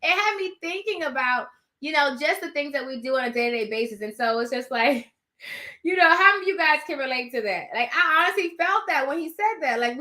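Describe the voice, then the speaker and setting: A woman hosting a casual live stream from her home office, animated and rambling as she talks to viewers. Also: high voice.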